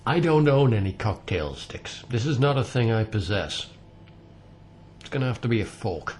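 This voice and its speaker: A man's voice: mid-range voice, very animated, moderate pace, a little mellow, roomy sound, slight background noise. A man chatting casually while he bakes, with playful, self-mocking asides. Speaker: home baker vlogger. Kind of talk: casual cooking vlog. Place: home kitchen.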